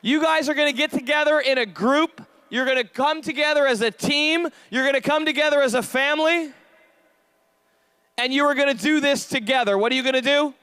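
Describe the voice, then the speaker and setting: A man giving a high-energy stage pep talk, rallying the crowd with call-and-response questions and shouted bursts of hype. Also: fairly quick, no echo. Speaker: motivational event speaker.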